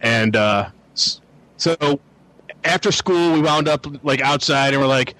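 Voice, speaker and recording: A man's voice: mid-range voice, expressive, measured pace, fairly bright tone, rough recording. A man co-hosting a casual chat, telling a story in a hesitant, self-deprecating way with stammered restarts. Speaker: podcast co-host.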